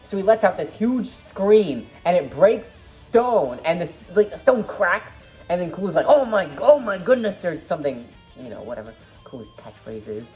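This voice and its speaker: A woman's voice: lowish voice, sing-song, moderate pace, a little mellow, soft background music. A woman giving a casual movie review vlog, rambling and enthusiastic with lots of fillers.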